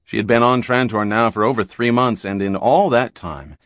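In this scripted audiobook narration, a man with a low-leaning voice tells the story expressively at a moderate pace. The recording is dry.

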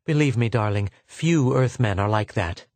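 A man's voice: lowish voice, expressive, moderate pace, a little mellow, no room sound. A man voicing a proud, defiant young woman in an audiobook.

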